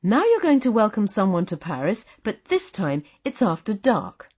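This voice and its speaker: A woman narrating a language lesson with a clear, patient teaching delivery. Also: mid-range voice, wildly swooping pitch, normal speed, a little mellow. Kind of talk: scripted instructional narration.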